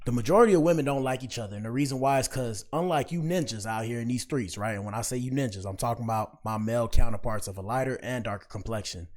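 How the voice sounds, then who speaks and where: A young man riffs on a video for his viewers in slang-heavy, preachy commentary. His voice sits at an ordinary pitch, and he keeps turning to the audience to make his point. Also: fast, hardly any pauses, darkish tone. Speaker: commentary streamer. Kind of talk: casual reaction commentary.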